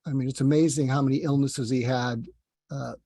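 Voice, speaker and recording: A man's voice: mid-range voice, fairly even intonation, fairly quick, dark tone, slightly rough, no room sound, studio quality. Rambling, self-deprecating male guest. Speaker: guest, psychiatrist. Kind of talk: casual interview talk.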